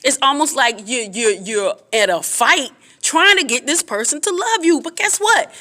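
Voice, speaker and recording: A woman giving casual, earnest relationship advice to camera, repeating herself and swinging her pitch up for emphasis. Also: lively intonation, moderate pace, pushed and bright.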